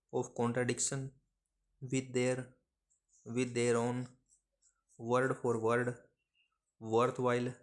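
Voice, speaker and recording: Slow, monotone man dictating words. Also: medium pitch. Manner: measured, monotone delivery of isolated phrases. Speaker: shorthand dictation reader. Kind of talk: slow dictation of word lists.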